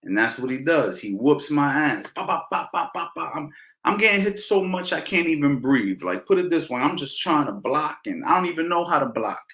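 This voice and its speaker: A middle-aged man, a boxing coach, telling stories in a casual Q&A, animated and slangy, repeating phrases for emphasis. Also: on the high side, moderate pace. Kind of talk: casual Q&A storytelling. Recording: roomy echo.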